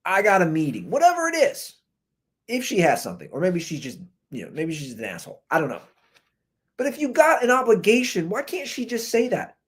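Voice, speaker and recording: Ranting about a viral video, this podcast host in his thirties keeps throwing in "dude" and "man." He speaks briskly in a high, slightly bright voice with a breathy edge and huge pitch swings, captured on a computer mic.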